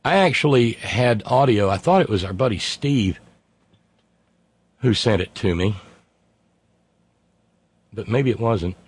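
In a lowish, husky voice, a middle-aged West Virginia man hosts a casual talk-show podcast, going through listener emails in a sardonic, profane monologue. He's expressive and unhurried, leaving long pauses.

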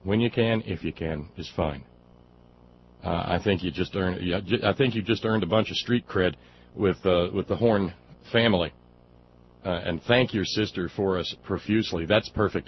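Male talk radio host, low-pitched, combative and mocking, loose delivery, muffled audio. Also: normal speed. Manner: sarcastic, combative, many fillers and restarts. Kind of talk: political talk radio monologue. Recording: dull lo-fi radio audio with faint noise.

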